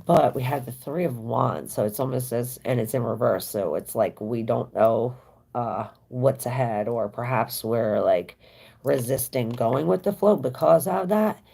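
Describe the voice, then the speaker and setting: Low, gravelly tarot reader, slow and husky. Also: female voice, mellow. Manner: chatty, reads and answers viewer comments aloud. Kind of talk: casual live-stream tarot reading.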